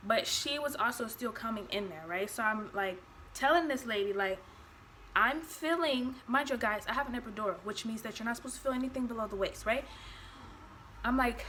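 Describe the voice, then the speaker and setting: A young woman with a bright, forceful voice recounts a personal story for her vlog, animated and blunt, swearing freely. Her voice sits a touch high, and there is a faint hiss of background noise. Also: normal speed. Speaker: vlogger.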